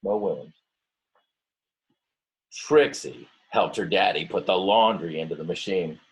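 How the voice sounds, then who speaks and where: Speaking at a measured pace in a low, slightly rough voice, a male teacher reads a picture book aloud to his students. He stretches words, acts out the voices in the story, and often pauses to explain details to the class.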